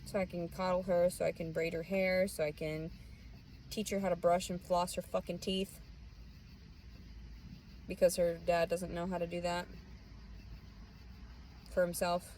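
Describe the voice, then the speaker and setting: A woman's voice: on the low side, flat delivery, unhurried, pauses often, darkish tone, slight background noise, poor audio. A young woman, venting bitterly and profanely in a rambling personal monologue. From Southern US. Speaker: vlogger.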